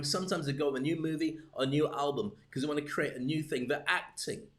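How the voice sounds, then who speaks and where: Brief: male business coach, live-stream talk, slightly high voice, lively and jokey. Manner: lively, jokey, talks straight to camera.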